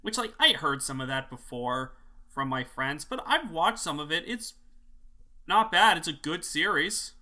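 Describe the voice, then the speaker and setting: A man co-hosting a casual review chat, relaxed and talking with lots of fillers. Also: on the high side, a little slow. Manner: relaxed, chatty, filler-heavy. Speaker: co-host.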